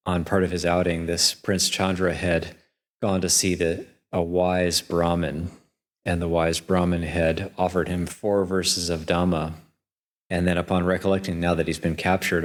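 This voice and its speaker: A man, a monk, telling a story in a Dhamma talk in an unhurried, conversational way. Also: low voice, flat delivery, a bit bright. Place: monastery hall.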